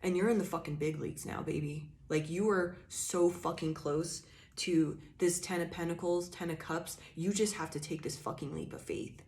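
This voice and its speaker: Low-pitched woman, tarot reader, casual and blunt, cusses freely, rambling filler-heavy delivery. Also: normal speed, darkish tone. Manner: emphatic, swears freely, addresses the viewer directly; loose rambling talk with frequent "like" and "you know". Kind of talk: casual collective tarot reading.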